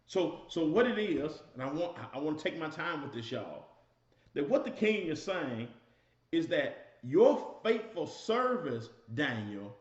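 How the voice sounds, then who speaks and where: Man preaching a Bible study, slightly high voice, emphatic and repetitive; dull, roomy church recording. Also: very animated, measured pace. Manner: emphatic preaching with repeated phrases, addresses listeners as y'all. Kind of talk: sermon. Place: church room.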